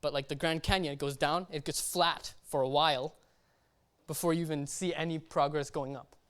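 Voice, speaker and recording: A young man preaching a laid-back sermon, his voice smooth and clear. He keeps checking in with his listeners and drops casual slang as he goes. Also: on the high side, normal speed. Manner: chatty, keeps checking in with "right?" and "okay?"; slangy and relaxed. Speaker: lay preacher. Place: church service.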